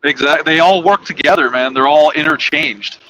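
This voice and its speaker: Casting: young guy, laid-back, swears a lot, slightly high voice, faint room hiss. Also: moderate pace, bright, forceful tone, highs cut off. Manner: rambling, profane, laughs while telling stories. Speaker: podcast co-host, trucker. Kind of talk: casual chat.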